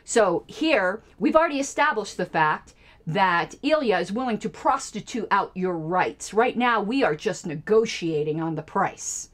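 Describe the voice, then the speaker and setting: A woman's voice: medium pitch, expressive, unhurried, a bit bright. A woman hosting a radio show, giving sarcastic, indignant political commentary on clips she plays. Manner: sarcastic and indignant, jokey asides.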